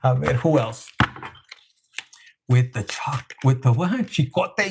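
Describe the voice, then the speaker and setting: A man's voice: medium pitch, lively intonation, takes it slowly, creaky, pauses often, a little mellow, slight background noise. A man giving a live tarot reading, joking and swearing, often laughing and chatting with viewers by name. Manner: profane, joking, acts out voices. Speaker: tarot reader.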